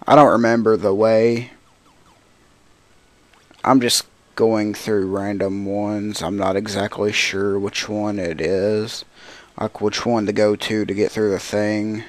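A man's voice: lowish voice, little pitch movement, takes it slowly, no room sound. A man giving casual gameplay commentary as a let's play host, grumbling to himself in frustration.

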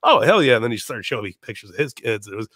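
A young man, a podcast guest, telling stories in casual chat, animated and profane, laughing often and leaning on filler words. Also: fairly low pitch, very fast, husky, dry recording, studio quality.

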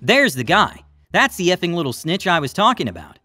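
A man's voice: high voice, very animated, a little fast, no echo, faint music behind, full character voice. A man doing a furious, foul-mouthed bully. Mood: ranting. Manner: shouting, swearing, belligerent. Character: furious entitled middle-aged man.

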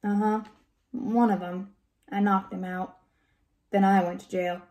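A woman reading aloud and voicing a shy, lonely grown man who speaks softly and hesitantly in a storybook. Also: medium pitch, flat delivery, measured pace, lightly acted. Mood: confiding.

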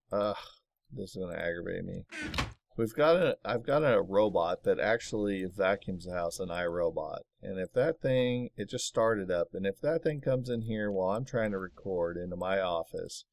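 A man's voice: low voice, creaky, darkish tone, slight background noise. A man hosting a let's play, talking casually to himself as he builds and getting easily aggravated, recorded in his home office. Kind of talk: casual gameplay commentary.

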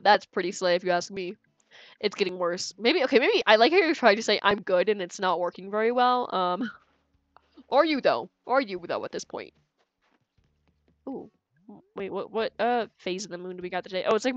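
A woman's voice: mid-range voice, expressive, moderate pace, no echo, lo-fi sound. Giggly young woman streamer, dry mic. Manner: chatty, giggly, talks to chat. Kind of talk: casual gameplay commentary. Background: faint game music.

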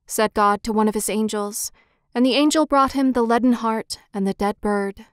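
A woman narrating a classic fairy tale audiobook in a measured, expressive reading style, on a close mic. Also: on the high side, dry recording. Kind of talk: scripted storybook narration.

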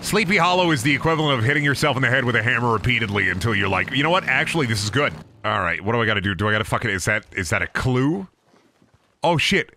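A man's voice: medium pitch, fast, sharp tone, slight background noise. A young man casually commentating his video game stream, swearing and riffing mockingly on what he sees.

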